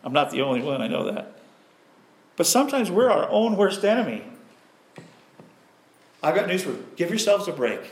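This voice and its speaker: A middle-aged man preaching a sermon, lively and self-deprecating, acting out the voices he quotes. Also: high voice, moderate pace, long pauses, echoey room. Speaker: pastor.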